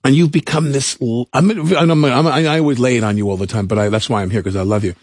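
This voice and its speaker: A man's voice: mid-range voice, fairly even intonation, fast, a little mellow, no room sound, studio quality. A man who is a guest actor on an interview show. He talks animatedly, repeats himself and acts out voices. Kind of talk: casual interview talk.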